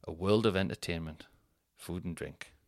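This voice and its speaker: A man's voice: low-pitched, normal speed, dry recording, studio quality. A man, rambling and swearing through a casual solo podcast chat. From North East England. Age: 30s. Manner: rambling and sweary, thinks out loud. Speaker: podcast host.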